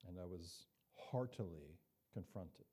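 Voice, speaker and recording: A man's voice: deep voice, animated, unhurried, warm tone, breathy edge. An older man preaching a sermon as pastor, talking conversationally and often checking in with the congregation with asides.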